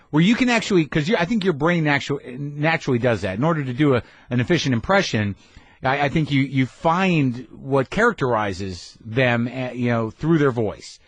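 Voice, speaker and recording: A man's voice: medium pitch, animated, moderate pace, breathy edge, no room sound. A man hosting a podcast in casual interview chat, reflective and swearing offhandedly, recorded in a garage studio. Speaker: podcast host.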